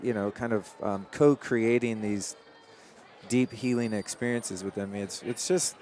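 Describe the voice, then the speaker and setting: A man's voice: fairly low pitch, steady tone, unhurried, darkish tone. A man hosting a podcast, musing reflectively in casual conversation. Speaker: podcast host.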